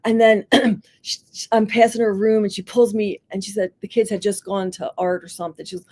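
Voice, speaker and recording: A middle-aged woman, a school psychologist appearing as a podcast guest, explains counseling techniques in conversation. Her voice is medium-pitched and fairly quick, and she tells animated anecdotes, acting out the voices in quotes.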